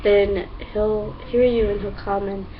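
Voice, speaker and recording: A young woman talking to camera in a casual, excitable, chatty way, full of fillers and acted-out quotes. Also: mid-range voice, unhurried, recorded from a distance. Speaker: vlogger. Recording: dull lo-fi sound, a bit off-mic, faint hum.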